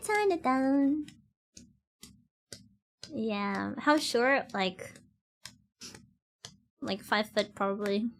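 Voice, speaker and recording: A woman's voice: fairly high pitch, expressive, extremely slow, pauses often. A woman streamer chatting casually with her viewers, giggling and laughing often, with loose, slightly non-standard grammar.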